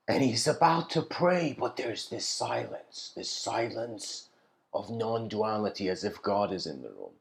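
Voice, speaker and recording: A man giving a reflective spiritual lecture, telling stories slowly with pauses and letting his voice trail off quietly. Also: medium pitch. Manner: unhurried storytelling with pauses.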